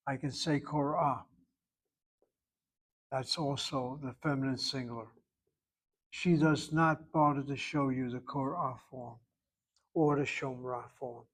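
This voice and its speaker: A man's voice: medium pitch, steady tone, a little slow, long pauses. A man teaching a Hebrew grammar lesson, patiently explaining verb forms and careful pronunciation.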